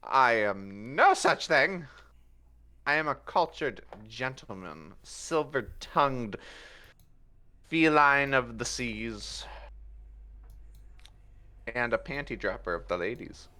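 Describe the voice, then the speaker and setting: A man's voice: medium pitch, very animated, moderate pace, bright, forceful tone, smooth. A man voicing a smug, flirty male cat-folk rogue who teases and brags in a drawling, pompous way. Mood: teasing.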